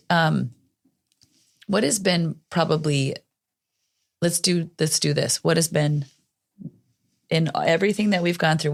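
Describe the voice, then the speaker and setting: A woman's voice: deep voice, vocal fry. A woman co-hosting a podcast, chatting in an encouraging, heartfelt way. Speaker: podcast co-host. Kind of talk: casual conversation.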